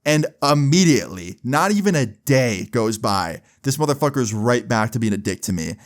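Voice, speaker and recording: A man telling a personal story in a casual vlog, animated and profane, with sudden jumps in pitch. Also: moderate pace. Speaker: storyteller vlogger.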